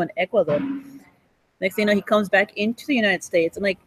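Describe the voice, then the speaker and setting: A woman's voice: mid-range voice, quick pace, breathy edge, rough recording. A woman in her forties delivering a rambling, accusatory monologue, swearing and breaking into laughter, recorded in a hospital cafe. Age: 40s. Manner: rants with bursts of laughter and profanity.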